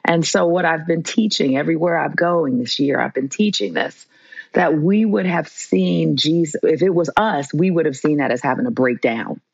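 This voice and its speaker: A woman's voice: low voice, normal speed, creaky, breathy edge, dry recording, muffled recording. A woman, a trauma therapist as guest, teaching in a fervent, preacherly way and repeating lines for emphasis. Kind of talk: impassioned sermon-like teaching.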